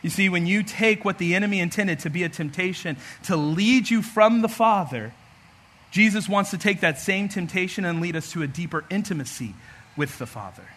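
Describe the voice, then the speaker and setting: A man preaching a sermon as pastor, animated and humorous, acting out everyday scenes. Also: a little high.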